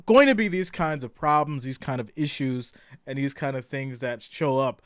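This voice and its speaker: A man hosting a casual sports live stream, loud and excitable, greeting chat viewers by name and swinging between shouted hype and low asides. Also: smooth, no echo, studio quality. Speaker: sports livestream host.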